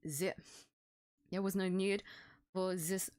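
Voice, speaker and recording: A woman's voice: mid-range voice, fairly even intonation, takes it slowly, noisy background. A woman streamer reading game dialogue aloud in character voices, playful and giggly, stumbling over words and laughing at her own flubs. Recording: game music behind voice.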